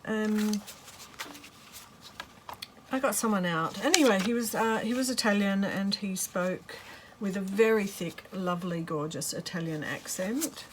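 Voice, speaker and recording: A craft vlogger chats casually while working on a craft journal, rambling and breaking off with fillers. She has a medium-pitched voice and a measured pace, with a noisy background.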